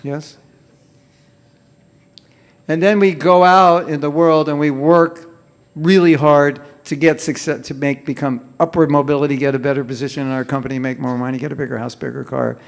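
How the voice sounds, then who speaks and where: A man's voice: on the high side, fairly even intonation, normal speed, vocal fry. A man leading a live chanting workshop for an audience, joking often and mimicking careless mumbled chanting to make his point. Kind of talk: humorous live workshop talk. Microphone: microphone.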